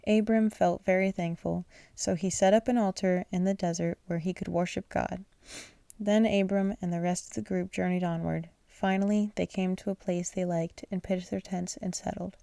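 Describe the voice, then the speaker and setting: A woman's voice: on the low side, steady tone, moderate pace, gravelly, no echo. Sleepy woman reading a bedtime story. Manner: sleepy, yawning, apologizes often, stumbles over names; gentle, unpolished reading with restarts. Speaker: channel host reading aloud.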